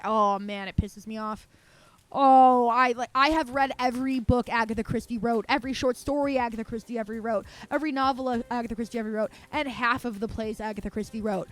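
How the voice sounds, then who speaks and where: A woman's voice: fairly high pitch, brisk, soft background music. A woman streaming live, ranting in a heated, profane way and swearing freely. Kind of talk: live-stream movie rant.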